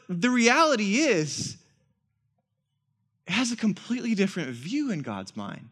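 A man preaching a sermon as pastor, animated, with frequent rhetorical questions and scripture read aloud in character. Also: high-pitched, moderate pace.

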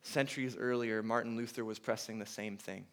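A man in his thirties preaching a sermon, swinging from hushed, intimate lines to loud, urgent ones. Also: lowish voice, fairly even intonation, fairly quick. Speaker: pastor.

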